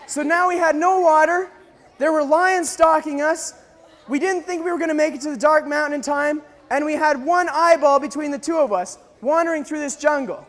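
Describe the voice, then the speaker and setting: A young man telling a dramatic story to an audience, acting out scenes with animated delivery. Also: very high voice, moderate pace, big-room sound. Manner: animated, acts out scenes, sometimes shouts. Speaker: speaker telling a mission story.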